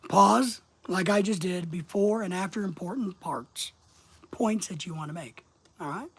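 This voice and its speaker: A middle-aged man coaching about social media in a folksy, deliberate way, asking his listeners question after question and pausing often. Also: high-pitched, breathy edge. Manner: folksy, asks the audience rhetorical questions, slow deliberate pauses. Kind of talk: motivational instructional monologue.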